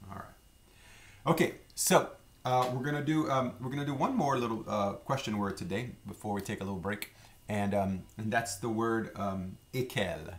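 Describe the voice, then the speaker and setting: This is a middle-aged man teaching in a relaxed, casual way. His voice sits a little low. He says each example phrase slowly and twice, then explains it. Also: a little hiss or hum. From Louisiana. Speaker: language teacher. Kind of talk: casual spoken lesson.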